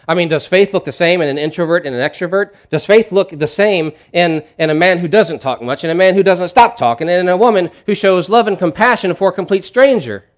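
Male pastor, sermon delivery, conversational storyteller who stumbles and restarts, voice a touch high.

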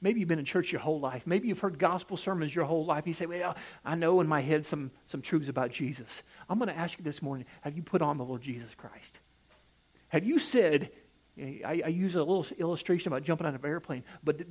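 Man, high voice, preacher, emphatic sermon delivery, rising and falling cadence, direct questions to listeners. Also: fast talker, darkish tone, husky. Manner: asks the congregation direct questions.

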